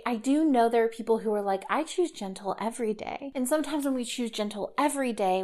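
A woman's voice: on the high side, darkish tone. A woman in her thirties hosting a solo podcast, talking casually and reflectively with frequent "like" and "kind of.". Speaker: podcast host.

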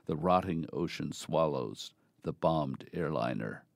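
A man reading a poem aloud in a measured, deliberate recitation. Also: rumbling low, expressive, creaky, no room sound, studio quality. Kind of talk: poetry reading.

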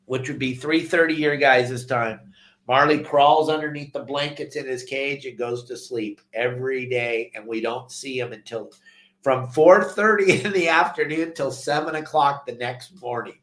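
A man's voice: mid-range voice, moderate pace, fairly bright tone, reverberant. An older man hosting a fishing show, talking earnestly and from the heart in casual chat.

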